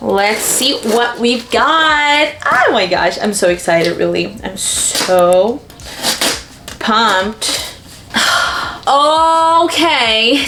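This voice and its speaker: Young woman vlogger, Portuguese native, unhurried excited gushing, echoey room with faint hiss. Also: mid-range voice. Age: young adult. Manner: gushing, lots of exclamations. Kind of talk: excited unboxing vlog.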